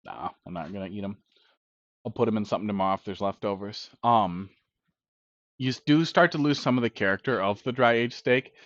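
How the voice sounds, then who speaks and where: A man's voice: on the low side, fairly quick, no echo. A man hosting a casual cooking live stream, chatting bluntly and profanely while he eats, heard on dull lo-fi stream audio.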